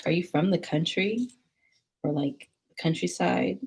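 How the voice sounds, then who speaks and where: A woman's voice: fairly low pitch, unhurried, creaky, a little mellow, slightly rough. A young woman hosting a casual livestream, chatting with viewers and reading their comments, with laughs and whispered asides. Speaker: livestream host.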